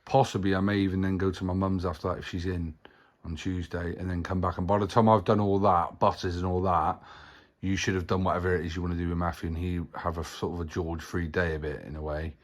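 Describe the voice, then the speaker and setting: A man's voice: deep voice, level tone, quick pace, hardly any pauses. A man hosting a family vlog, talking in a rambling, matter-of-fact way. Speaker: vlog host, parent. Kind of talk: casual chat to camera.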